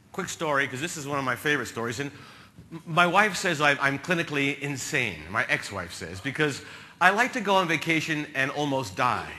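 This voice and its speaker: A man from New Jersey telling comic adventure stories as a keynote speaker, with sudden loud bursts. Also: fairly high pitch. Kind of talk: storytelling keynote speech.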